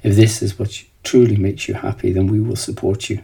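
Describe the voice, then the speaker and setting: A man voicing a father who speaks quietly and hesitantly in a storybook reading. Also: lowish voice, level tone, brisk, vocal fry, slightly rough, far from the mic, heavily acted. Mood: hesitant acceptance.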